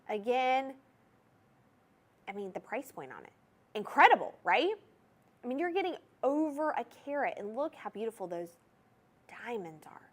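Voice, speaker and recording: A woman's voice: sits high, fairly bright tone. A young woman with a Southern US accent, hosting a TV jewelry shopping show in a bubbly, chatty, salesy manner. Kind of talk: TV shopping presentation.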